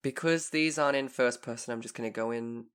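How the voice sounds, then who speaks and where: A man co-hosting a casual podcast, chatting and reading spooky stories aloud, animated and excitable as he reacts. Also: medium pitch, fairly quick, smooth. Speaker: podcast co-host. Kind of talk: casual chat and dramatic story reading.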